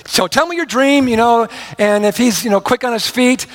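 A man preaching a sermon, emphatic, swinging between loud and hushed delivery. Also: very high voice, moderate pace. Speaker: pastor.

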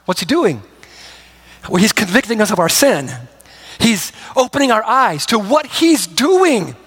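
A man preaches with a notably high voice, pressing his points with emphasis. His delivery swings from loud declarations down to hushed, slow lines. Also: sing-song, slightly rough. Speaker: pastor. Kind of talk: sermon.

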